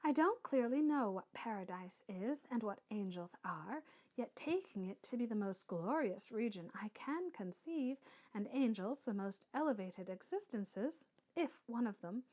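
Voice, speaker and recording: A woman reading an audiobook and voicing a proud, earnest young woman who speaks softly and with quiet fervour. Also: medium pitch, expressive, a little slow. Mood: fervent.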